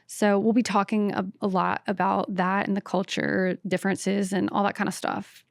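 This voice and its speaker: A woman's voice: mid-range voice, flat delivery, moderate pace, gravelly, dry recording, studio quality. A woman from the American South with a light Southern accent, a stand-up comedian hosting her own podcast in a brash, sassy, self-mocking solo rant. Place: podcast studio.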